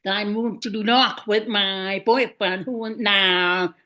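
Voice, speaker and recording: Slow, bright-voiced woman podcast host. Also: medium pitch, steady tone. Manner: long, winding questions. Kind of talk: interview questions.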